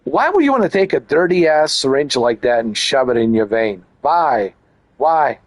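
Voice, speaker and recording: A man's voice: medium pitch, big pitch swings, normal speed, no echo. A man giving casual let's-play commentary, crude and mocking, repeating his jokes. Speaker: gaming channel host.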